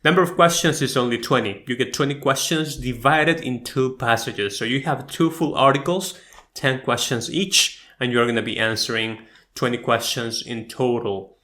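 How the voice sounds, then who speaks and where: A man's voice: medium pitch, normal speed, sharp tone. Man teaching exam prep, checking in. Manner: explains step by step, often checks in with "okay?" and "right?". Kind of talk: online exam-prep lesson.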